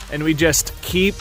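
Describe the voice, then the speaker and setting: A man's voice: a little high, pushed and bright. A man in his twenties delivering a comic monologue as a vlogger, playful, jokey and mock-serious.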